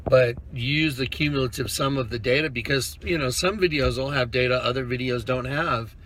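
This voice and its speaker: A man's voice: medium pitch, normal speed, fairly bright tone. A man telling a personal story in a rambling, casual way, full of fillers and repeated words, while riding in a moving car. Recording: road noise from a moving car.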